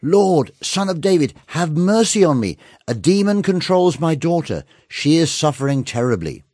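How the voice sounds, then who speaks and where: A man's voice: mid-range voice, big pitch swings, measured pace, mellow, slightly rough, no echo, clean studio sound. A man voicing a desperate, humble Canaanite mother who begs for help in a Bible story reading. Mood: pleading.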